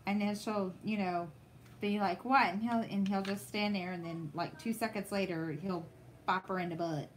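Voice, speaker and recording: A woman hosting a craft livestream, chatting casually with viewers and telling stories in a slow, rambling way with frequent restarts. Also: mid-range voice, steady tone, slight background noise.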